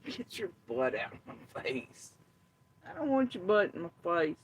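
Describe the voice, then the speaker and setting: A woman chatting casually, sarcastic and slow, swearing freely and mocking others. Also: on the low side, big pitch swings, dull audio, slight background noise. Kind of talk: casual chat.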